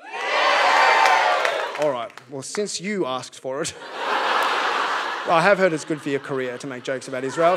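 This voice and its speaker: High-voiced Australian man doing stand-up. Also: measured pace, pauses often, a loud crowd. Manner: lively, mocking, acts out voices of others. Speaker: stand-up comedian. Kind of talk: stand-up comedy set. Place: large theatre, live audience. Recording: live theatre set with faint background noise.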